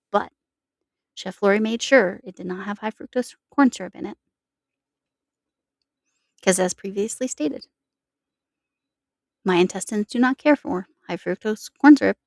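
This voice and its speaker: A woman talks to her camera at home in a rambling, chatty way, often stopping to correct herself. Her voice sits at an ordinary middle pitch. The recording is close and dry, with almost no room sound. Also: darkish tone, dry recording. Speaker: crochet vlogger. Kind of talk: casual chat to camera.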